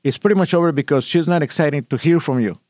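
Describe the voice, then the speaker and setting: A man's voice: fairly high pitch, fast talker, darkish tone, no echo, clean studio sound. A man co-hosting a podcast in casual chat, blunt and teasing as he hands out advice. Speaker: podcast co-host.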